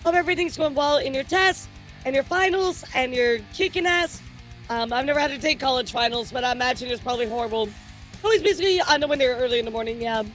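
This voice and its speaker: A woman streamer with a fairly high voice chats casually with her viewers at a quick pace, telling animated stories and swearing freely. Faint music plays underneath this casual livestream chat.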